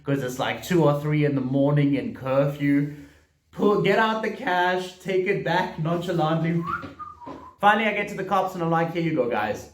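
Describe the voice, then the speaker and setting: A young man from South Africa tells a story like a vlogger, casual and animated, throwing in curses and quick asides. His voice sits a little high for a man. The room adds a clear, roomy echo. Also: a little hiss or hum.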